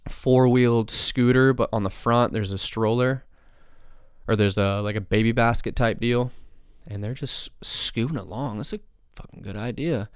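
Young male podcast host, loose and profane, smooth voice, dry close mic. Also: mid-range voice, no echo. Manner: rambling, profane, many fillers and asides. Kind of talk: casual solo podcast rambling.

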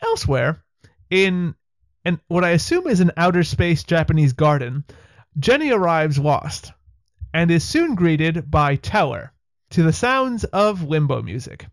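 A man recapping a TV episode with wry asides, chatty and quick to laugh. His voice sits a little high and sounds close and dry, with no room around it. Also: big pitch swings, dry recording. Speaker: podcast host.

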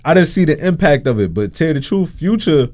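A man's voice: fairly high pitch, big pitch swings, a little fast, darkish tone. A man in his twenties, a rapper speaking as a guest in a casual interview, laid-back and rambling with lots of fillers. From United States. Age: 20s.

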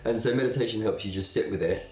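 A young video blogger with a fairly low voice talks fast to his camera, casual and thoughtful, rambling a little with fillers and laughs. He seems relaxed, and the room sounds echoey.

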